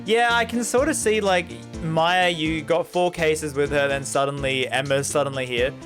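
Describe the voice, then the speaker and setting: A young man streaming a game, chatting casually and excitedly with many fillers and laughs as he reads the game text aloud. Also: fairly high pitch, normal speed. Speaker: gaming streamer. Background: game music.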